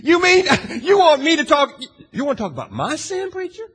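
A preacher voicing a defensive, self-centered male churchgoer who answers back in a mocking, incredulous half-shout. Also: very high-pitched, huge pitch swings, moderate pace, pitched above the performer's own voice, exaggerated voice. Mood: indignant. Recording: long hall reverb.

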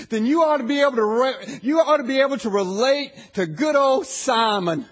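A man's voice: very high voice, lively intonation, normal speed, husky, big-room sound. A man preaching a sermon as pastor, talking conversationally to his congregation and building to emphatic declarations.

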